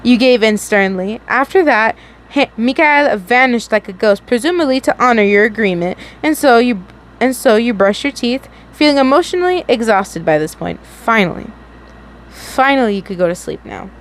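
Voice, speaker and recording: A woman's voice: fairly high pitch, lively intonation, moderate pace. A young woman reading a fanfiction story aloud in a casual way, giggling and chatting to her listeners between passages. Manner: giggly, chatty, frequent self-corrections. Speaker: story reader.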